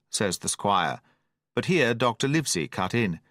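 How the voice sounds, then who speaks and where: A man narrating a classic adventure novel as an audiobook, in a steady, expressive storytelling manner. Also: deep voice, moderate pace, dry recording, clean studio sound.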